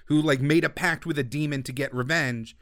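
A man's voice: a little high, steady tone, fairly quick, fairly bright tone, no echo, studio quality. A man co-hosting a film podcast, explaining in a loose, filler-heavy way. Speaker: podcast co-host. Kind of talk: casual film discussion.

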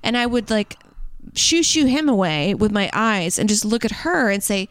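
A woman co-hosts a casual podcast chat and tells candid stories. Her voice is smooth and clear, on the higher side, and it is recorded close and dry. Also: lively intonation, a little slow, no room sound. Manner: candid, storytelling, frank. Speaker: podcast co-host; comedian.

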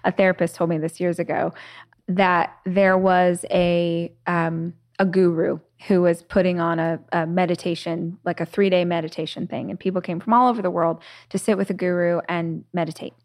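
With a fairly low, darkish voice and a level tone, this podcast host talks at normal speed. She tells stories casually and chattily, peppering them with "like"s, fillers, and restarts.

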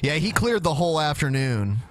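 A man's voice: fairly high pitch, very animated, brisk, no room sound. A man hosting a podcast, making dry jokes and introducing the next clip in casual chat. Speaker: podcast host. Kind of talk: casual chat reacting to clips.

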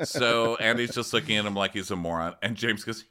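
A man co-hosting a comedy podcast, recapping reality TV and acting out the cast in exaggerated high voices between laughs. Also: fast talker, sharp tone. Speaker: podcast co-host.

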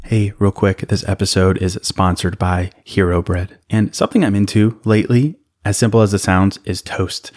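A man hosting a podcast, reading a sponsor spot in a relaxed, conversational first-person way. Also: on the low side. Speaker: podcast host. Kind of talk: host-read sponsor spot.

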